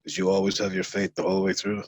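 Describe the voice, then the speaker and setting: A man's voice: sits low, completely flat delivery, quick pace, no echo. A man from Ireland hosting a casual interview, asking short questions and offering brief, supportive replies. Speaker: interview host.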